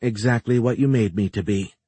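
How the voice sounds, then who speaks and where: Brief: rogue female AI in an audiobook, sing-song and teasing, husky edge under the lilt, put on by a man. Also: lowish voice, a little fast, dark tone, no room sound. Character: feminine sing-song rogue AI, playful and menacing.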